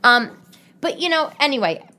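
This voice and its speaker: A woman's voice: fairly low pitch, moderate pace. A woman, rambling casually as a podcast host from her home, with frequent restarts. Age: late 30s. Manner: chatty, rambling, many restarts. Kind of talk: casual solo podcast chat.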